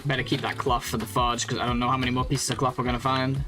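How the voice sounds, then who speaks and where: Brief: young British male streamer, mid pitch, casual running commentary, game music underneath. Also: flat delivery, fast. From Britain. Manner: chatty, thinks aloud, answers chat questions. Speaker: gaming streamer. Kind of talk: casual live commentary while playing.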